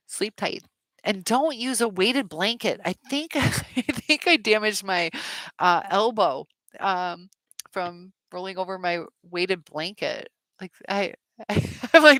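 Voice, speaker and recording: A middle-aged woman hosts a live chat stream and answers viewers in a loose, rambling way, full of fillers and encouragement. Her voice has a gravelly fry and a bright, forceful edge. The sound is dry and close, with no room around it. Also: lowish voice, no echo. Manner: rambling, many fillers, supportive.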